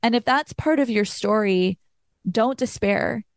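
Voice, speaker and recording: A woman's voice: fairly high pitch, a little slow, no room sound, clean studio sound. A young adult woman hosting a podcast, talking openly and emotionally about healing from her relationship with her mother. She says "like" often and swears now and then. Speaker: podcast host. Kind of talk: personal reflective monologue.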